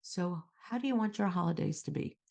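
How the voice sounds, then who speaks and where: A middle-aged woman hosting a self-help talk show, coaching viewers in an animated way and acting out calm self-talk. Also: fairly low pitch, a little fast, gravelly. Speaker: host.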